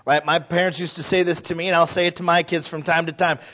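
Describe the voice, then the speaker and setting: Man, pastor, high voice, sermon, conversational then loud and urging, muffled lo-fi recording. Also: little pitch movement, quick pace. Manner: conversational preaching, builds to loud exhortation. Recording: dull lo-fi recording.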